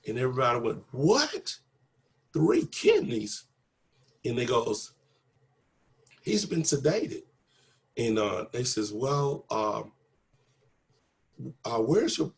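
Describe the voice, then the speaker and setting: A man with a creaky mid-range voice shares his personal story as an interviewee, keeping it conversational. Each exchange gets acted out, "I said" and "he said" recurring throughout, and the tone is one of earnest, faith-filled testimony.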